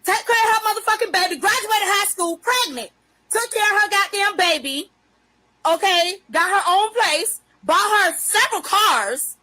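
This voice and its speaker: The host speaks in an extremely high, sharp voice at normal speed, and the phone livestream audio is poor. What she delivers is an unscripted rant, profane and confrontational, with emphatic phrases drawn out.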